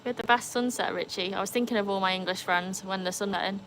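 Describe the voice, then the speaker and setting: Her voice is medium in pitch, quick, and fairly bright, with slight background noise. She's a Welsh-accented livestream host from Wales, sitting outdoors by a pool and chatting casually with viewers while reading and answering their comments over a phone.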